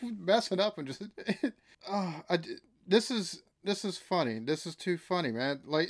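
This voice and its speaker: A man's voice: high voice, fairly bright tone. A man, hosting a casual reaction video, laid-back and laughing as he rambles. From United States.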